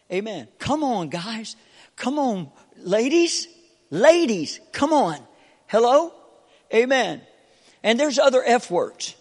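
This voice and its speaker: A man preaching a Pentecostal sermon from the pulpit, repeating short call-outs to the congregation and swinging between soft talk and fervent preaching. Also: fairly high pitch, long reverb tail. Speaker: pastor. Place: church sanctuary.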